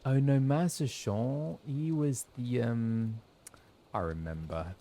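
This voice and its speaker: A man's voice: mid-range voice, slow pace, mellow. A man, an actor streaming a game, chatting casually and thinking aloud with hesitations. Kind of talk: casual gaming commentary.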